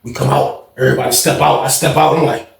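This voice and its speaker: A man telling a story in a casual way, acting out what others said with lively shifts. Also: mid-range voice, fast talker, vocal fry, reverberant. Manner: animated retelling, acting out others' lines.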